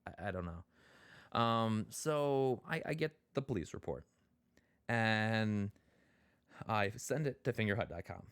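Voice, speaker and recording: Man, deep voice, rambling story, exasperated, fillers, dry close sound. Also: expressive, measured pace, long pauses, fairly bright tone, smooth, dry recording. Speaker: vlogger. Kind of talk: casual storytelling.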